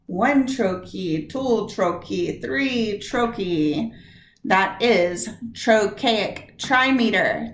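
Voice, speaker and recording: A woman's voice: mid-range voice, animated, very slow. A woman teacher giving a recorded poetry lesson, stretching out words and syllables to show where the stress falls. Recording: echoey room.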